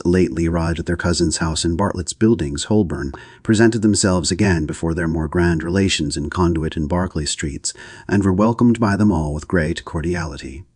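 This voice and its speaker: A man narrating a classic novel as an audiobook in a measured, formal reading. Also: deep voice, a little mellow, breathy edge, no room sound, clean studio sound.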